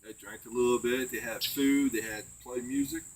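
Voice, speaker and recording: A man's voice: mid-range voice, steady tone, moderate pace. An older man tells rambling, folksy stories of the old days in a casual chat, often tossing in "right?". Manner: rambling folksy yarn-spinning with tag questions. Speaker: storyteller. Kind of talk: casual outdoor chat, telling old tales. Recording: distant mic, faint crickets.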